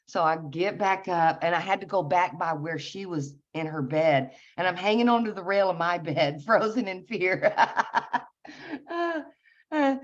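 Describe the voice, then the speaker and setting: A woman casually telling a personal story, laughing often and restarting her sentences. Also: sits low. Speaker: guest sharing a personal story. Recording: dull lo-fi sound.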